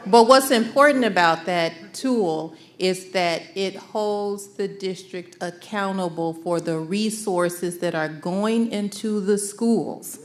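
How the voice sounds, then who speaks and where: A woman school district leader answering questions at a community forum in a measured, explanatory way. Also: on the low side.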